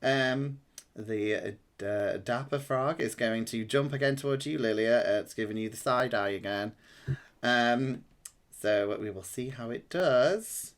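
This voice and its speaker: A man narrating as game master, relaxed and explaining rules with many fillers. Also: medium pitch, a little slow.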